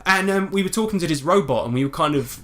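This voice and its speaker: Animated, swearing male storyteller. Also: a little high, quick pace. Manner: animated, swearing, lots of fillers. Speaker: podcast co-host. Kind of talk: casual storytelling about a game.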